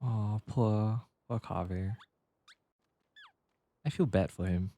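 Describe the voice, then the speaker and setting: A man's voice: lowish voice, slow pace, mellow. A man streaming a video game, chatting and reacting with cheeky jokes and the odd swear word. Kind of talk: live game commentary.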